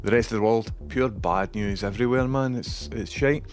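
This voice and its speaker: A man's voice: on the low side, moderate pace, faint music behind. A Scottish man hosting a live stream, chatting casually with viewers, with dry asides and some swearing.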